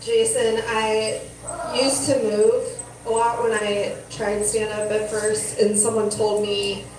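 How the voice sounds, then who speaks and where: A woman doing stand-up in a halting, dry, unhurried way. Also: medium pitch, little pitch movement. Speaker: stand-up comedian. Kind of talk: stand-up set. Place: comedy club stage. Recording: echoey club, distant mic, room noise.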